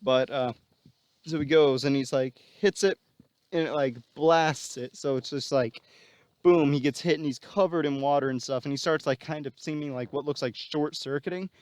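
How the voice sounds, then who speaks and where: A man's voice: a little high, normal speed, a little mellow, no room sound. A man casually retelling a story plot, rambling and full of fillers.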